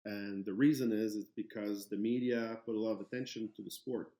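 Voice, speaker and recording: A man in his forties, a former hockey player, answering interview questions in a relaxed, shrugging way. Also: on the low side, brisk. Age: 40s. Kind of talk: casual interview. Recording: roomy echo.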